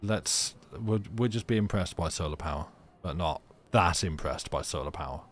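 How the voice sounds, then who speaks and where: A man's voice: sits low, expressive, moderate pace. A man streaming a story game live, reading its narration aloud with casual, chatty asides and playful restarts.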